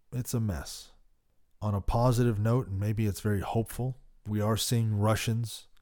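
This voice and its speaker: A man hosting a podcast, giving passionate political commentary that swings from loud outbursts to quiet worry. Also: fairly low pitch. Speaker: podcast host.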